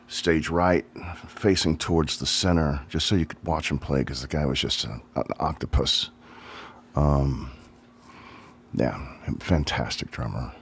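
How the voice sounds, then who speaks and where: Deep-voiced man reminiscing with many ums. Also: a little hiss or hum. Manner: rambling, reminiscent, thinks aloud with many ums. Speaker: drummer looking back on his old band. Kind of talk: casual solo livestream talk.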